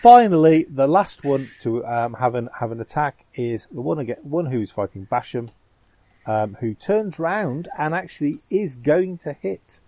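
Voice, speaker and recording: A man's voice: medium pitch, animated, dark tone, no echo, poor audio. A man running a tabletop game as game master, hesitant and full of ums as he describes the combat. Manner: halting, full of ums and uhs.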